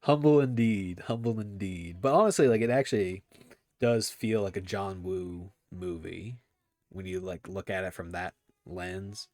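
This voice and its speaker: A man's voice: low-pitched, unhurried, darkish tone, no echo. A man hosting a movie podcast, chatting casually in a rambling way with lots of fillers. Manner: rambling, filler-heavy, laughs often. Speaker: podcast host.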